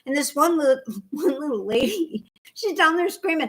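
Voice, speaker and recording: A woman co-hosting a podcast in casual chat, telling animated, rambling stories. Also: sits high, moderate pace. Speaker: podcast co-host.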